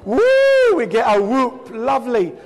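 A man speaks slowly and warmly to children during a church meeting, calling on them by name with a playful lilt. His voice sits high for a man. The microphone picks up a long reverb from the hall around him. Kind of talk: children's talk in a church service. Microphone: handheld microphone.

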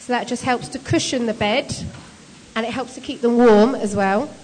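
A woman leading a group through a timed bed-making task, brisk, encouraging and teasing as she hands out jobs. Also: fairly high pitch, a little mellow, long reverb tail. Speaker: shelter volunteer leader running a bed-making activity. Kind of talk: casual instructions to a group.

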